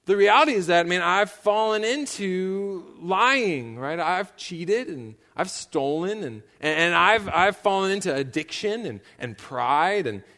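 A man's voice: high voice, animated, unhurried, hardly any pauses, pushed and bright. A young male pastor preaching a sermon, telling a story casually with frequent fillers. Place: church sanctuary. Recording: long church reverb.

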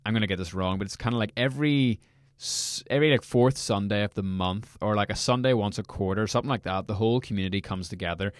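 Chatty young preacher, low voice. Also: male voice, fast talker, dry recording, clean studio sound. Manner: chatty, self-correcting, trails off into asides. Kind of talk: casual sermon.

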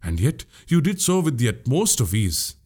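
A man's voice: mid-range voice, sing-song, normal speed, darkish tone, breathy edge. A man voicing a crafty older male spy in an audiobook, needling and mocking with pointed questions. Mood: teasing. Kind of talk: audiobook character voice.

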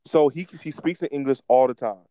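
A young man co-hosting a casual wrestling chat, talking in an animated, rambling way with restarts. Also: medium pitch, fairly quick, dry recording, lo-fi sound. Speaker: podcast co-host.

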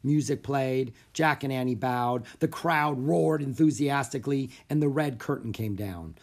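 A narrator reading a children's chapter book aloud with expressive, animated storytelling. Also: mid-range voice, a little slow.

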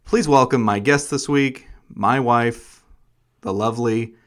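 A male podcast host with a voice of everyday middle pitch. He talks in a casual, playful way and teases with self-deprecating humor. He tells stories with relaxed comic timing. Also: measured pace.

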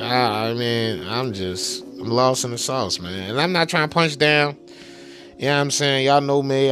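A man's voice: mid-range voice, fairly bright tone. A man hosting a podcast in a casual, profane, exasperated rant to his listeners. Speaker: podcast host.

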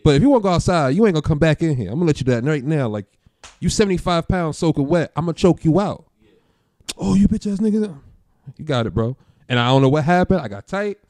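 Man, casual chat, fast talker, animated storyteller, acts out quoted dialogue, slangy laid-back delivery, very lively pitch, dry close sound. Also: no echo.

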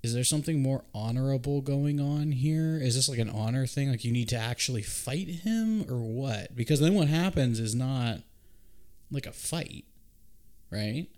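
Host, male, mid-pitched, casual and profane, acts out scenes. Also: moderate pace. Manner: animated retelling with profane asides and acted-out quotes. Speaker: podcast host. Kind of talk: casual chat.

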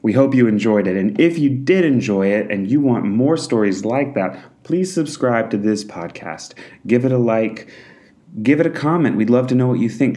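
A man's voice: medium pitch, mellow. A man hosting a storytelling podcast, reading an upbeat outro. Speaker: podcast host.

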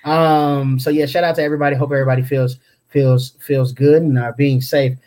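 Young parent on a livestream, rambling, lots of ums, normal pitch. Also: level tone, a little fast, a little mellow. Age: young adult. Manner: rambling, many ums and restarts. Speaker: parent hosting a family livestream. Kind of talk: casual livestream chat.

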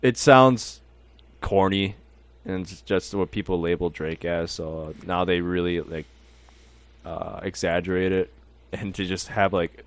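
A young man chatting casually on a podcast, rambling, swearing freely and laughing often. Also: low voice. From Mexican-American. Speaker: podcast host.

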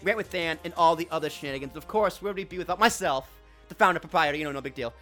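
A man co-hosting a loose wrestling podcast, with a voice that sits a little high. He jokes, swears freely and talks with plenty of animation. Faint music plays underneath. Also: racing, sharp tone. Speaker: podcast founder and co-host. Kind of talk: casual podcast banter.

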